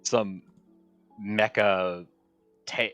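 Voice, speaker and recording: Laid-back co-player from Canada, fairly low voice, brief replies. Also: male voice, steady tone, drawn-out words, fairly bright tone, clean tone, soft background music. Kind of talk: casual gaming stream chat.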